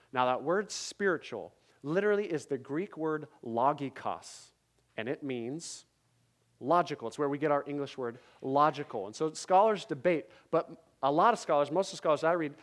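A male pastor preaches a sermon at a church service, emphatic, using repeated phrases and rhetorical questions aimed at the congregation. His voice is a little high.

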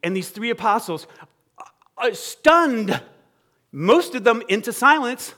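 A man preaching a sermon in an animated, conversational way, acting out quoted dialogue and checking in with the congregation. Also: very high-pitched, slow, long pauses.

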